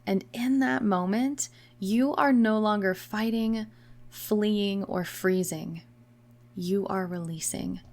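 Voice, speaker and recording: A young adult woman, a chiropractor hosting a wellness talk, explaining in a soft, reassuring way and slowing down for emphasis. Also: mid-range voice. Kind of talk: gentle explanatory monologue.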